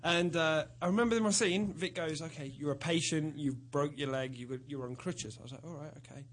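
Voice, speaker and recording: A man's voice: on the high side, brisk. A man, a studio guest telling easygoing stories in casual chat. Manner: easygoing storyteller.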